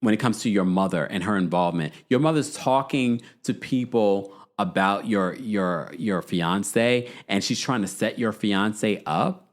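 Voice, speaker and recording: A man hosting a podcast, casually recapping a reality show in an animated, gossipy way and laughing often. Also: lowish voice, a little slow. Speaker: podcast host.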